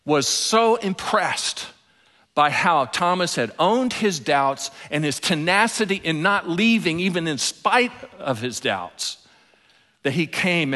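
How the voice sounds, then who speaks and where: A man preaching a sermon, telling stories and dropping into soft, intimate asides. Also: fairly high pitch. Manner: animated storytelling preacher, drops to soft asides. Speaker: pastor. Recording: long hall reverb.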